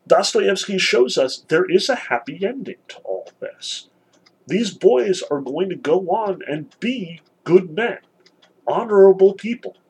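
A man's voice: fairly high pitch, creaky, breathy edge, low-quality recording. A man giving a conversational literature lecture, explaining with frequent "um" and "you know".

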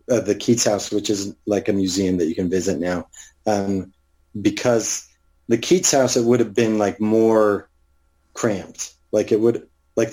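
A man with a low, mellow voice joins a relaxed film discussion. He explains his points at length, leaning on fillers as he works through his thoughts. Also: low-quality recording. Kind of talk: casual chat.

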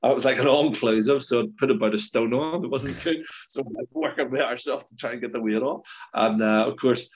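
A former footballer from Northern Ireland, a guest in a casual storytelling chat, talks fast in a husky, medium-pitched voice. He rambles through anecdotes, laughing often and restarting his sentences. The recording sounds dull and lo-fi.

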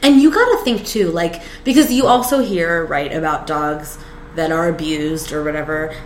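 A woman in casual chat, telling animated stories, laughing often and swearing freely. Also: low voice, normal speed. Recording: echoey room, faint noise.

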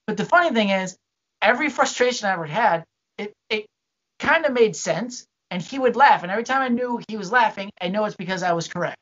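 A man's voice: high voice, animated, brisk, fairly bright tone. Man venting with rambling profanity, lo-fi. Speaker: restaurant worker. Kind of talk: casual chat.

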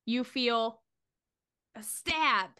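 A woman game master narrating a tabletop horror game in an even, descriptive way. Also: a little high, very slow, smooth.

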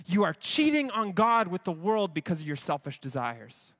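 A man delivers an earnest sermon in a fairly high voice. He talks plainly to the congregation, slips into quoted asides and often restarts a sentence mid-thought. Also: animated, normal speed, hardly any pauses, a bit bright. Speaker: pastor.

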